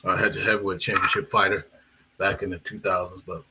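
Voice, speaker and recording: A man's voice: sits low, flat delivery, a little fast, bright, forceful tone, slight background noise, low-quality recording. A man hosting a live boxing talk stream, chatting in a rambling way with fillers and self-corrections. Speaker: boxing commentator and channel host. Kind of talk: casual live-stream commentary.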